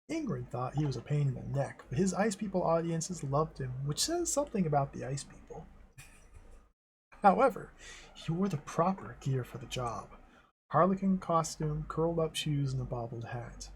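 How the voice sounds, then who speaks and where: A man's voice: a little high, sing-song, normal speed, slight background noise. A man streaming a text adventure, reading the game text aloud with playful, amused commentary.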